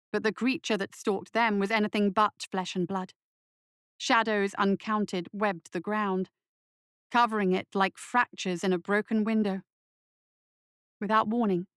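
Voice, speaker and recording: A woman narrates a scripted adventure story at a measured pace, slowing down for dramatic passages. Her voice sits in a middle pitch. The recording is dry and close, with no room around it. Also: dry recording.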